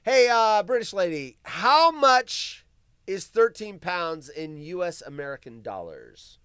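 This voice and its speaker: Speaking slowly in a high-pitched, clear and resonant voice, a livestream host riffs on the news with wisecracks and plenty of swearing. The casual commentary is animated, and the audio is clean studio sound with no echo.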